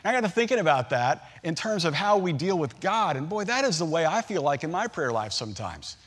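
A middle-aged man preaching a sermon, telling a family story in a relaxed, conversational way with humorous asides. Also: a little high, brisk. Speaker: pastor.

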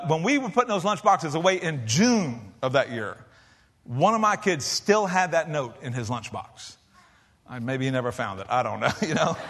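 A middle-aged man preaching a sermon to a large church, folksy and lively, swinging between loud emphasis and soft hushed lines. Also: high-pitched. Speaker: pastor.

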